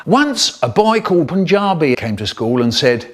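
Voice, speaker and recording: Male storyteller, slightly high voice, big playful swoops, comic delivery. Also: big pitch swings, normal speed. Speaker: children's storyteller. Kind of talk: comic storytelling, spliced edit.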